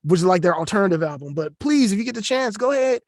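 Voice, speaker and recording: A man co-hosting a podcast in casual chat, animated and joking with slangy asides. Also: sits high, fast talker, no room sound, studio quality. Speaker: podcast co-host.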